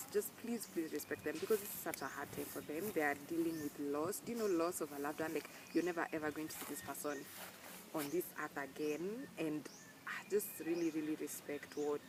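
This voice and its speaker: A young woman talking earnestly to camera, emphatic and animated when she quotes people. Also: low-pitched, noisy background. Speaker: vlogger. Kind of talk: casual personal talk to camera.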